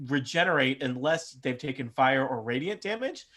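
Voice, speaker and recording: In a casual tabletop game session, the male game master cracks jokes, often at his own expense. His medium-pitched, slightly bright voice is animated, and he speaks at normal speed.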